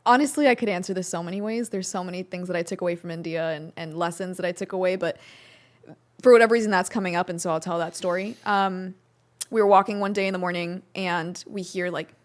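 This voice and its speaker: A woman's voice: fairly low pitch, fast. A young woman, a podcast guest, telling a story in a casual interview, acting out quotes and using many "like" fillers.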